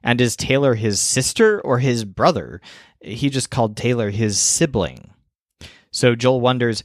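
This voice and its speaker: A man narrating a scripted language lesson, explaining clearly and slowing down for example phrases. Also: medium pitch, expressive, no echo, studio quality. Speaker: language teacher.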